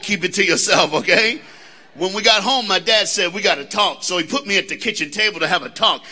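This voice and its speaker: A Southern American man speaking to a school assembly, his voice very bright and ringing. He pitches a little higher than most men and keeps firing questions and call-outs at the audience. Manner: animated, engages the crowd with call-outs and questions. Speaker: motivational speaker. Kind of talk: live motivational speech to students.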